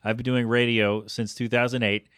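Male podcast host, thirties, rapid rambling delivery, dry close mic, mid pitch. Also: little pitch movement, a bit bright, clean tone, dry recording. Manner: fast, self-interrupting, chatty. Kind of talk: rambling solo podcast monologue.

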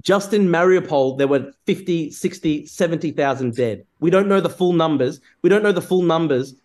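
A man's voice: on the high side, normal speed, a little mellow. A man from Australia debating over a video call, furious, swearing and interrupting. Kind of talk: heated online debate.

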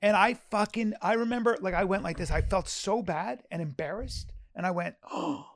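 Gravelly-voiced man in a dry close recording. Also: high-pitched, dry recording. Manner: rambling, halting restarts, earnest, swears. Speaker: stand-up comedian and podcaster. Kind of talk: casual podcast chat.

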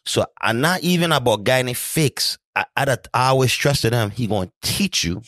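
A man's voice: medium pitch, lively intonation, moderate pace, fairly bright tone, dry recording. A man hosting a casual chat, laid-back and swearing freely as he tells stories. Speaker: podcast host.

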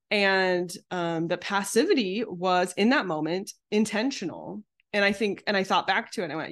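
Woman, psychotherapist, casual teaching talk, slightly low voice, conversational, acts out quotes. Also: animated, moderate pace, a bit bright.

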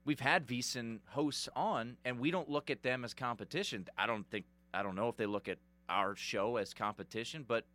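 Blunt, bright-voiced sports radio man. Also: mid-range voice, normal speed, few pauses. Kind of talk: casual sports chat.

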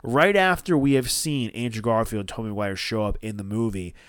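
A man's voice: fairly low pitch, brisk, a bit bright, clear, resonant tone, dry recording, studio quality. A man, co-hosting a podcast and telling a rambling, profane story full of restarts. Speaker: podcast co-host.

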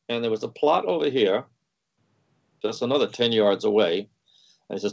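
A man's voice: lowish voice, quick pace, creaky, a little mellow. A man, a wine expert guest, explaining through a story and acting out the quoted dialogue himself. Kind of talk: anecdotal explaining. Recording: dull lo-fi sound.

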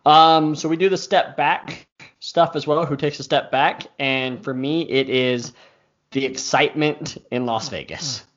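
A man's voice: a little high, fairly even intonation, measured pace, fairly bright tone, lo-fi sound. A man co-hosting a casual sports talk show, sharing his football picks in an easygoing way. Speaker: podcast co-host.

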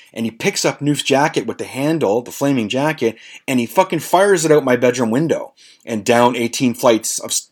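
A man's voice: mid-range voice, breathy edge. A man in his forties hosting a podcast, telling a long story in a rambling, profane way with many fillers. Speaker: podcast host.

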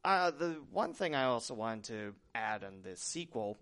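A man's voice: mid-range voice, big pitch swings, moderate pace, a bit bright, clean tone. A man hosting a podcast, chatting casually and joking with his guest. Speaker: podcast host. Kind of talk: casual interview chat. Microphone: podcast microphone.

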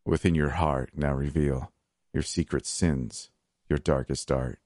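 A man's voice: extremely low pitch, steady tone, unhurried, darkish tone, no room sound, studio quality. A man voicing a ruthless young sorceress who taunts coldly, in an audiobook. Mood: menacing. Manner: teasing, coldly mocking. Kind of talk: audiobook character voice.

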